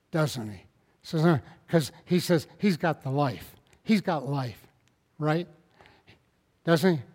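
A man preaching a sermon in an animated, emphatic way, swinging up into loud bursts and tagging points with rhetorical questions, calling on listeners by name. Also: fairly high pitch, big-room sound. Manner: addresses congregation members by name.

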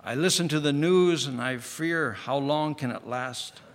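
A man preaching a sermon in an earnest way. He slows down to stress key words and often sinks to a hush. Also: fairly high pitch. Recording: reverberant hall.

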